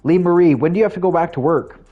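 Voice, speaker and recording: A young man live streaming and chatting casually with viewers, rambling, laughing at himself and jumping into high voices for quotes. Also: racing, muffled recording. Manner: rambling, self-mocking, laughs often, jumps pitch for quoted voices.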